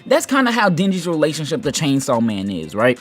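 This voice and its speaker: A man's voice: fairly high pitch, brisk, faint music behind. Rambling young-sounding man talking anime. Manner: rambling, filler-heavy, animated. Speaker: anime video host. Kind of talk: casual anime commentary.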